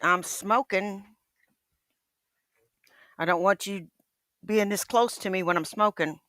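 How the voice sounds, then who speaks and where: A woman's voice: mid-range voice, takes it slowly, fairly bright tone, no echo. A woman hosting a casual livestream, talking in a folksy, profane, rambling way. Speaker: livestream host.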